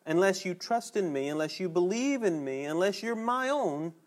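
A man preaching a sermon in a folksy, conversational way, pausing for emphasis. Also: high-pitched, expressive.

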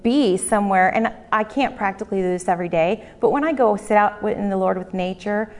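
A woman's voice: mid-range voice, fairly quick, big-room sound. A woman in her thirties giving an earnest Bible teaching talk, reading passages aloud and stressing repeated words.

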